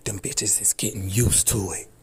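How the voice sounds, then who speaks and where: A man's voice: lowish voice, steady tone, normal speed, a little mellow, slightly rough. A man delivering a rambling, emphatic, profane monologue straight to his viewers. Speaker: vlogger airing grievances. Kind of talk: casual direct-to-camera monologue.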